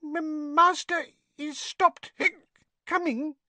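A man's voice: very high-pitched, steady tone, takes it slowly, pushed and bright, no echo, pitched above the performer's own voice, exaggerated voice. A man voicing a drunk, grieving female house elf who slurs and hiccups in a storybook reading. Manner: slurred, broken by hiccups.

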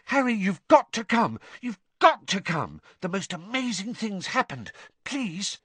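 A man's voice: high-pitched, sing-song, measured pace, sharp tone, husky, no echo, pitched above the performer's own voice, exaggerated voice. A man voicing an eager, bossy schoolgirl, urgent and insistent, in a raised voice. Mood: excited.

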